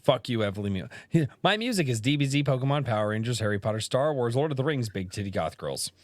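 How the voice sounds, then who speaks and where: A man hosting a casual podcast chat, loud and passionate, swearing often. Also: medium pitch, big pitch swings, quick pace, no room sound. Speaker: podcast host.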